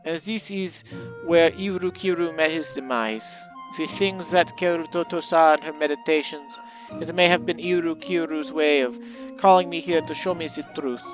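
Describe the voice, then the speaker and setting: A man voicing a small, earnest fantasy scholar woman in a softened, careful reading, with faint game music behind. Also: a little high, normal speed, pitched above the performer's own voice, natural voice, low-quality recording.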